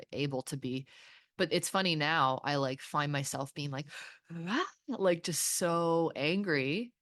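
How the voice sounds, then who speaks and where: A woman hosting a podcast, talking candidly and swearing freely, with halting restarts. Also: deep voice, a bit bright, dry recording, clean studio sound. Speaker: podcast host. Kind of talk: candid therapy-style conversation.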